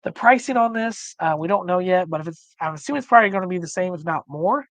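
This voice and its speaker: A man's voice: high voice, lively intonation, fast talker, a bit bright, no room sound. Man losing his voice, rambling. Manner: rambling, many fillers and restarts. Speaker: livestream co-host. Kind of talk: casual chat.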